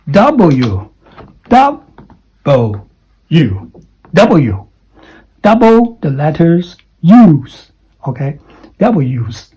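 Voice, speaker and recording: A man teaching English pronunciation at a slow, unhurried pace. His voice is mellow and a little husky. He drills letters and sounds again and again, pushing his pitch up and down to show stress. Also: poor audio. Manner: drills sounds by repeating them, with exaggerated rising and falling pitch; frequent "okay?" and "you know" check-ins. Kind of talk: pronunciation lesson.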